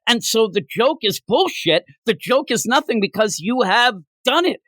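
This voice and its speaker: Animated ranting man, dry close sound. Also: extremely high pitch, normal speed, no echo. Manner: ranting, profane, mimics characters in silly voices. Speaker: podcast co-host. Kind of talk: casual comic review chat.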